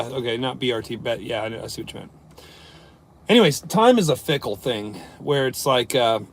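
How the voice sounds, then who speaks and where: Dude rambling and joking on a livestream in his van, faint engine hum behind. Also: medium pitch. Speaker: livestreamer and service plumber. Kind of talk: casual live-stream chat, reading viewer comments. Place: inside a parked work van.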